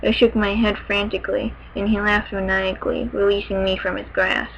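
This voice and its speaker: A woman's voice: medium pitch, flat delivery, moderate pace, creaky, few pauses, low-quality recording. A woman reads a fan-written story aloud with dramatic emphasis, stopping now and then to toss in wry comments. Her voice sits in a middle register, and a faint hum of noise runs underneath. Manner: dramatic reading, wry joking asides. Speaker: fanfiction reader. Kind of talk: reading fan fiction aloud with casual asides.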